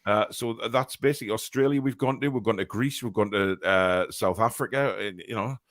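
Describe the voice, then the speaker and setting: A man's voice: fairly low pitch, fairly quick, fairly bright tone, no echo, studio quality. A man hosting a casual fan podcast live stream, chatting and reading out viewer messages with plenty of fillers.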